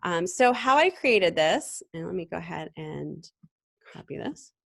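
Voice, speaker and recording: A woman teaching a design class in a screen-recorded software tutorial, talking in a relaxed, conversational way with frequent ums and restarts. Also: fairly low pitch, unhurried, gravelly. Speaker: design instructor.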